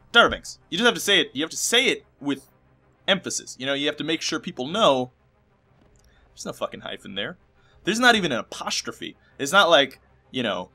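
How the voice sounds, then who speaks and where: Bright-voiced young man rambling over game credits. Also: mid-range voice. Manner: rambling, jokey, swings between loud bursts and mumbling. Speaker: let's play host.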